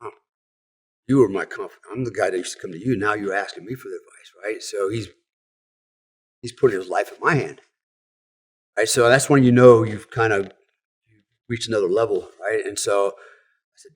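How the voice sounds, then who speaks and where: A man's voice: lowish voice, moderate pace, pauses often, husky. A middle-aged American man, a former special forces operator, telling a personal story in casual conversation, frank and profane, with many "you know"s and "right?"s.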